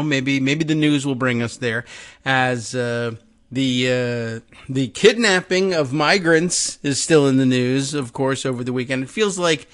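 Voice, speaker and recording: A man hosting a morning talk show, musing casually with many pauses and fillers. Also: mid-range voice, a bit bright. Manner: rambling, full of uhs and musing asides. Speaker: radio show host.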